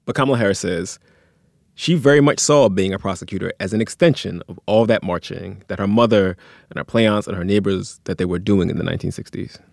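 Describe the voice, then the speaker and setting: Male podcast co-host, wry and conversational, gravelly low voice, dry studio sound. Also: fairly quick, darkish tone, no echo. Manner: wry, conversational, often dryly ironic.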